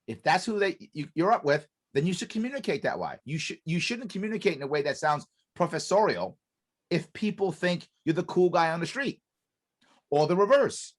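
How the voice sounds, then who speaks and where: A man's voice: fairly high pitch, moderate pace. A man speaking as a podcast guest and business consultant, explaining a method emphatically, repeating key points with restarts. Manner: animated, acts out quoted dialogue.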